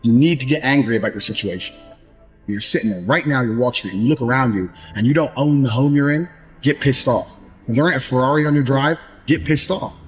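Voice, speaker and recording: An English motivational speaker delivers a blunt, profane speech, mocking people by acting out their excuses. His voice is medium-pitched and a little fast, with faint music in the background.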